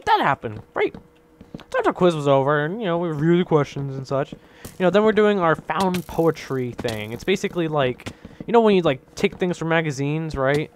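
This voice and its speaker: A man telling a rambling, animated story over his gameplay, tagging many lines with "right?" and laughing often. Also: fairly high pitch, a little hiss or hum. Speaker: gaming channel host.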